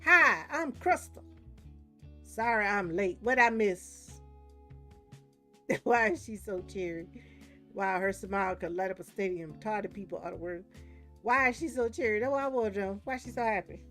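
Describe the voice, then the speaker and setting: A woman's voice: medium pitch, brisk. A woman streaming a story game, chatty and laughing often as she talks to her viewers. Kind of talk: casual game commentary. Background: faint music.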